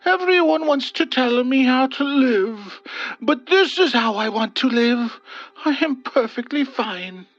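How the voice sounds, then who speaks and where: A man voicing a gentle, doting old husband who is stubborn, with a soft cooing manner. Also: very high-pitched, lively intonation, unhurried, no room sound, pitched above the performer's own voice, full character voice. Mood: tender. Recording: dull dry lo-fi voice.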